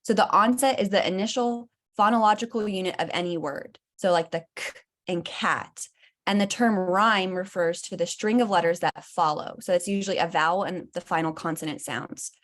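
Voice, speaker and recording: A woman presenting at a conference, explaining teaching terms in a clear, steady way. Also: fairly low pitch, moderate pace. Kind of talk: presentation talk.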